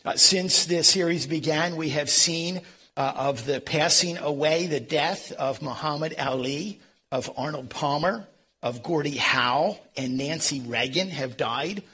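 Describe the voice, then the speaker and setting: Pastor with a Philadelphia accent, a man in his fifties, high, bright voice, homespun and self-mocking in the pulpit. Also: unhurried, husky. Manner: folksy, self-deprecating humor with frequent um and uh. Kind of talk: sermon.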